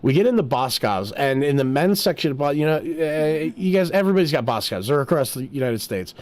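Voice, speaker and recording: A man from Pennsylvania chats casually on stream, spinning self-deprecating stories and laughing at his own jokes. His voice sits a little high. It is recorded close, with no room sound. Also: lively intonation, fairly quick, darkish tone, no echo. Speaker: livestreamer. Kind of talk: casual storytelling chat.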